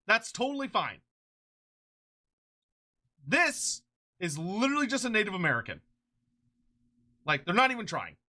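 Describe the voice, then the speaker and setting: A streamer chatting casually on a live stream, excitable and rambling, swearing freely and laughing often, short on sleep. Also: medium pitch, a little slow, pauses often. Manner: rambling with frequent restarts.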